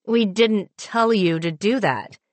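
A cornered woman schemer who speaks urgently and tensely, as a woman narrator puts her on. The voice is low-ish and dry, recorded up close. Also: normal speed, pushed and bright, no room sound. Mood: seething.

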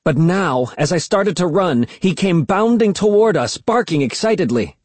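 An audiobook narrator giving a dramatic, expressive first-person reading. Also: medium pitch, normal speed, breathy edge, no echo.

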